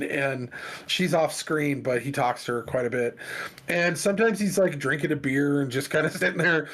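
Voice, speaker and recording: A man's voice: fairly high pitch, fairly bright tone. A man co-hosting a casual podcast chat, telling a long story animatedly and acting out quoted phone calls. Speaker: podcast co-host.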